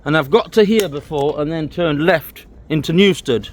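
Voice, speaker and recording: A man's slightly high voice, at an ordinary pace, narrates a walk for the camera. As a chatty vlogger on a disused railway trail, he points out sights while moving along outdoors.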